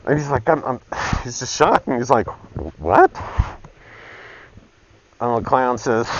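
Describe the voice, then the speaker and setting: A man in a middle register tells a long joke in a loose, rambling way, often stopping to correct himself and reaching for fillers. The sound is a bit dull and muffled, with a faint hiss in the background. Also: mid-range voice. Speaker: joke teller and painter. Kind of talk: rambling casual storytelling.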